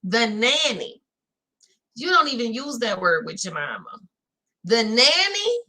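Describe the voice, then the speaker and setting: Louisiana woman host, high-ish bright voice, chatty, calls the audience y'all. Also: big pitch swings, measured pace. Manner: chatty, talks straight to viewers with "y'all". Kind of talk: casual recap chat.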